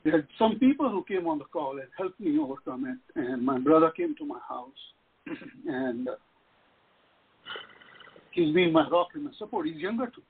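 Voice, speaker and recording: A tearful, distressed man calls in over a thin, tinny phone line. His husky, gravelly voice swings widely and jumps high as he speaks. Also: very animated, moderate pace, pauses often. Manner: distressed, voice rising sharply. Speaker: caller. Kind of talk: emotional phone call-in story.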